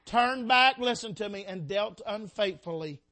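A preacher man with a strikingly high, ringing voice and a bright, forceful edge. He preaches with passion, swelling and dropping as he calls out to his congregation from the pulpit. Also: lively intonation, unhurried. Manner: impassioned, rising and falling, calls out to the congregation. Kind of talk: sermon. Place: church sanctuary.

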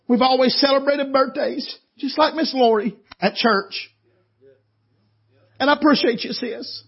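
A man's voice: very high voice, unhurried, gravelly, husky, muffled recording. A man preaching at a camp meeting, telling folksy down-home stories and calling out to the congregation. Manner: folksy, down-home, calls for audience response. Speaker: traveling preacher. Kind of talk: sermon storytelling.

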